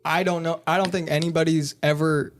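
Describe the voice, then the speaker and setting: A man's voice: a little high, little pitch movement, brisk, slight background noise. A man in a casual podcast conversation, reflecting thoughtfully on his own choices.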